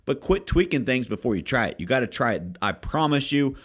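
A man hosting a podcast, coaching real estate agents in an energetic, emphatic way and acting out sales scripts. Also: mid-range voice, fairly quick. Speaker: podcast host and real estate team leader. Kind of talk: casual coaching talk.

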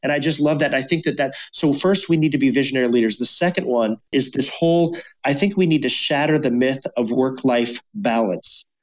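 A man in a podcast interview speaks as a seasoned leadership keynote speaker. His voice sits at an ordinary middle pitch, and he tells stories emphatically, slipping into the voices of the people he describes. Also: fairly quick, few pauses. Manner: emphatic, acts out dialogue. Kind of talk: storytelling podcast guest.

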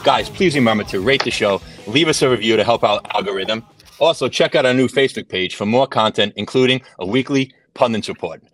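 A man's voice: medium pitch, a little fast, soft background music. A man moderating a sports podcast, keeping his panel in line with an upbeat tone. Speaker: show moderator.

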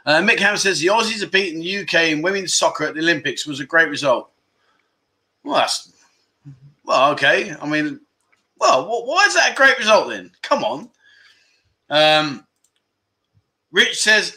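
A man's voice: a little high, sharp tone. A middle-aged man hosting a casual livestream, reading out viewer comments in a chatty, self-mocking, exclamatory way. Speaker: livestream host.

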